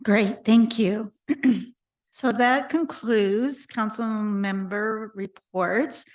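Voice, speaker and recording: A woman chairing a city council meeting, hoarse and losing her voice, reading out procedure with deliberate care. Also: fairly high pitch, darkish tone, distant mic. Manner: deliberate, reads out legal citations.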